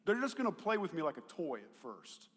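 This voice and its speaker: A man preaching a sermon as pastor, animated and conversational, swinging from loud emphatic peaks to quiet asides, with jokes and rhetorical questions. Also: fairly high pitch, a little fast, breathy edge, big-room sound. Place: church auditorium.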